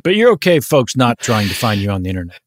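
Animated male podcast host. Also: medium pitch, fast, dry recording, studio quality. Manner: playful, jokey, laughs often. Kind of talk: casual comedy podcast chat.

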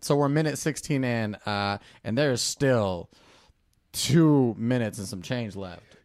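A man's voice: medium pitch, animated, takes it slowly, darkish tone. A man co-hosting a podcast, joking and teasing crudely while reacting to an old video. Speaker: podcast co-host. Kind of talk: casual reaction chat.

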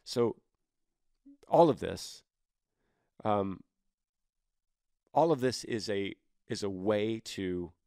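Male podcast host, low-pitched and earnest, casual advice delivery in a dry, close sound. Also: animated, drawn-out words, long pauses, dry recording. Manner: earnest, gently persuasive. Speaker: podcast host answering listener questions.

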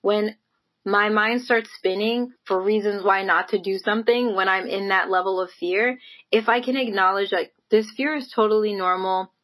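A woman speaks at normal speed with a medium pitch, fairly even intonation, and a fairly bright tone, captured in a low-quality recording. Addressing the camera, she delivers an earnest, encouraging motivational talk, casually saying "like" and "right?" often and laughing lightly between phrases.

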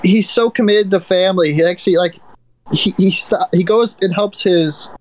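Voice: mid-range voice, normal speed. A guest on a game chat panel, hesitant and stammering, often restarting. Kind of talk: casual chat about video games.

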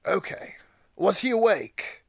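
A pompous adventurer, as a man puts him on in a tabletop game, grandiose and florid. His high voice swoops widely, gravelly in a dry, close-sounding space. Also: big pitch swings, takes it slowly, dry recording, exaggerated voice. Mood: brisk. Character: pompous, self-assured male adventurer.

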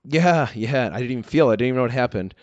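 A man telling a wild story in casual chat, animated, laughing often and saying "dude" and "like". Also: mid-range voice, racing, no room sound, dull audio.

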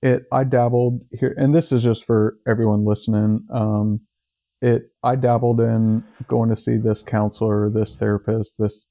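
A man co-hosting a podcast in casual chat, speaking in a monotone with halting restarts. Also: on the low side, gravelly.

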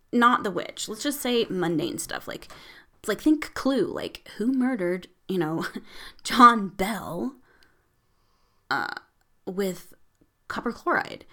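A woman's voice: medium pitch, a bit bright. A woman hosting a show, telling a spooky story in a casual, rambling way with lots of fillers and the odd curse. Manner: rambling and chatty, with frequent fillers and casual swearing.

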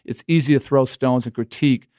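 A man's voice: medium pitch, steady tone, brisk, dark tone, no room sound. Earnest middle-aged male guest, dry sound. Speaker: interview guest, education leader. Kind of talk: conversational interview.

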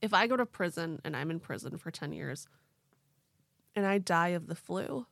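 A woman's voice: lowish voice, expressive, moderate pace, vocal fry, fairly bright tone, no echo. A young woman co-hosting a true-crime podcast, telling the story in a casual way with lots of "like". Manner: casual, leans on "like" and "quote unquote". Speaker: podcast co-host.

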